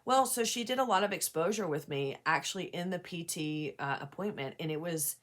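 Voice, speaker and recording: A woman's voice: lowish voice, brisk. A woman giving a casual, candid talk to camera about anxiety, earnest and validating, sometimes acting out a worried inner voice. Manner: earnest and candid, acts out anxious inner voice, frequent fillers. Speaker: mental health advocate and peer support specialist.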